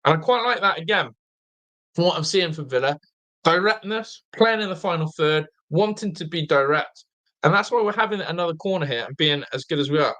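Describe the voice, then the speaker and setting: A young man hosting a live football watch-along, chatting excitedly, reacting to play and reading viewer comments aloud, with a slightly blocked nose. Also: on the high side, fairly quick. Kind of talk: live fan commentary and chat.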